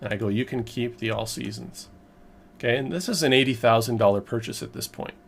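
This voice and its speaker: A man tells his story straight to the camera in a loose, rambling vlog style. His voice sits in an ordinary middle pitch, and his emphatic, exasperated delivery keeps the telling lively. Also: brisk, gravelly, slight background noise. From Canada. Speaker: vlogger recounting a purchase.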